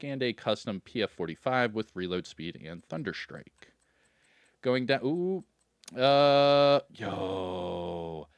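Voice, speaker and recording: A man's voice: fairly low pitch, fairly bright tone, clear, resonant tone, no room sound, studio quality. A man hosting a gaming video, casually running through in-game vendor items and getting hyped about good loot.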